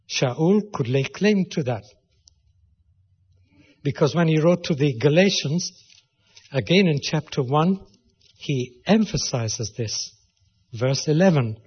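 A man's voice: on the high side, slightly rough. A man preaching a sermon and reading scripture aloud, rising to emphatic stress on key phrases. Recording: lo-fi recording with long hall reverb.

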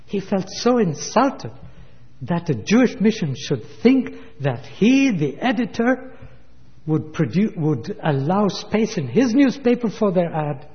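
A man delivers a sermon, slipping into the voices of the people in his stories. His voice sits a little high. The recording is muffled and carries a long echo, as in a large hall. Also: big pitch swings, measured pace. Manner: storytelling with acted quotes. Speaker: preacher.

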